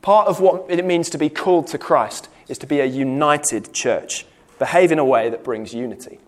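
A man's voice: on the high side, moderate pace. Man teaching a Bible study. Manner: explanatory, with frequent "okay" and restarts.

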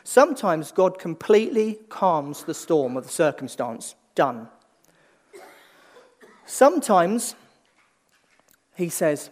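High-voiced man preaching conversationally. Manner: swings between lively emphasis and hushed, slow delivery; repeats and restarts phrases as he thinks aloud. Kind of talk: conversational sermon.

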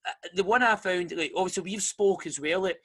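A Scottish man hosting a casual chat, telling a story with lively energy and acting out the voices of the people he quotes. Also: high-pitched, a little fast, breathy edge.

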